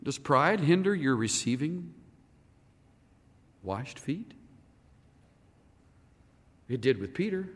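A man preaching a sermon as a pastor, animated and firing rhetorical questions at the congregation. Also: on the high side, slow, pauses often. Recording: reverberant hall.

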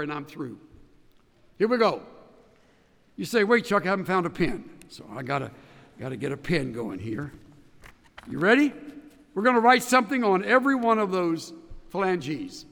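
A man teaching a Bible study class, emphatic and animated, walking his listeners through each step. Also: sits high, vocal fry, big-room sound.

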